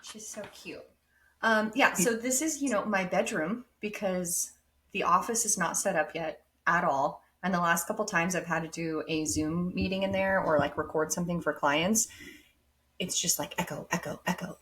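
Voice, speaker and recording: A young woman hosts a podcast from her bedroom at home. She tells stories with lively energy, acts out what people said, laughs often and swears without a second thought. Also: fairly low pitch, normal speed. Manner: animated storytelling, acts out quotes. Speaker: podcast co-host. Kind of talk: casual chat.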